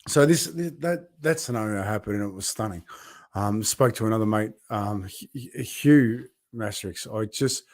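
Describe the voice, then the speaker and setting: A man's voice: lowish voice, normal speed, no echo. A middle-aged man talking in a heartfelt, rambling way on a casual live video diary, laughing often and greeting viewers by name. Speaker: vlogger and builders' coach.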